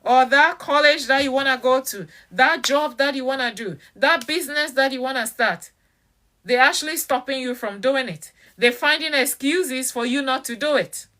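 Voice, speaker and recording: A woman giving a motivational talk, emphatic and direct, repeating key phrases slowly and challenging the listener with questions. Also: sits high, pushed and bright. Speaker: motivational speaker.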